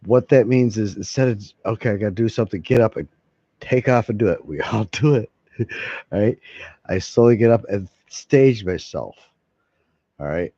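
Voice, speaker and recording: Rambling, swearing man with a low, dark voice. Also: lively intonation, unhurried, long pauses, no echo. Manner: rambling, swears freely, laughs between lines. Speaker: vlogger. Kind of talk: rambling casual monologue to viewers. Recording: dull lo-fi sound.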